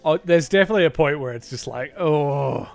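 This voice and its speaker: A man's voice: on the high side, expressive, a little fast, gravelly, a little mellow, soft background music. A young Australian man chatting casually with viewers while streaming a game, rambling and correcting himself as he goes. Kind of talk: casual gaming chat.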